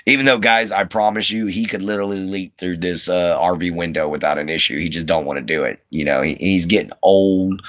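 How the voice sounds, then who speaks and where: A man's voice: deep voice, fairly even intonation, a little fast, few pauses, fairly bright tone, dry recording. A man from the Southern US with a slight Southern twang, hosting a rambling, easygoing livestream chat with his viewers from inside an RV. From Southern United States. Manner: rambling, easygoing, many fillers and restarts. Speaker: livestream host.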